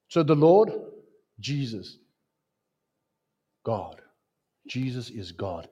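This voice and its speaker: Emphatic male preacher, husky mellow voice. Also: on the high side, a little slow, pauses often. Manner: emphatic, repeats phrases, asks the congregation questions. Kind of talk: sermon.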